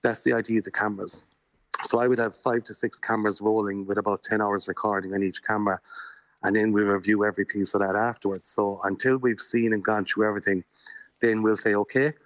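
A man's voice: fairly low pitch, level tone, fast talker, no room sound. An Irish man being interviewed in a radio studio as a paranormal investigator, explaining at length in an earnest, chatty way.

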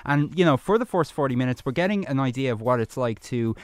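A man, a film critic reviewing movies in a radio studio chat, rattling off fluent plot summaries with quick asides. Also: mid-range voice, lively intonation, no room sound.

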